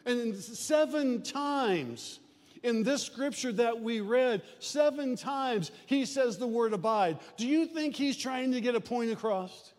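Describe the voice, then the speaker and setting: A man's voice: very high voice, expressive, takes it slowly. A man from the US Midwest preaching a sermon in a folksy, conversational way. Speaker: pastor. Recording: long hall reverb.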